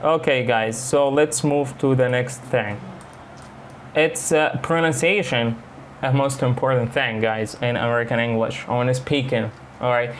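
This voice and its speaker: Male English teacher, mid pitch, slow example readings, brisk asides, faint noise. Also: fairly even intonation. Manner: switches between slow English example lines and fast Arabic explanations. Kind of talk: bilingual English lesson.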